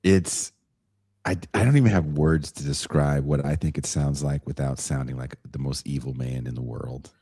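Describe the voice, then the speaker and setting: A man hosting a podcast in casual chat, excitable and profane, often laughing as he talks. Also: a bass voice, normal speed, husky, no room sound, studio quality. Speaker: podcast host.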